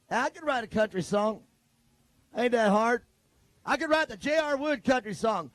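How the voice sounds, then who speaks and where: A race track announcer from California talks in a high, bright-pitched voice, rambling and cracking jokes between calls. The sound is close and dry, with little room around it. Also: male voice, lively intonation, moderate pace, no room sound. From Modesto, California. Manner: joking, rambling banter. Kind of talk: live race commentary.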